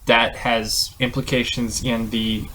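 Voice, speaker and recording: A man's voice: mid-range voice, flat delivery, slow, sharp tone, slight background noise, low-quality recording. A man hosting a podcast, steering a casual discussion with musing questions and speculation. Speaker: podcast host. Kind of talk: casual chat.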